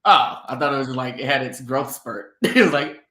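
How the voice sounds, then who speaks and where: A man's voice: mid-range voice, normal speed, pushed and bright. A man from Atlanta co-hosting a casual sports talk show, riffing playfully on jokes and laughing easily. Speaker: co-host. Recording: echoey room.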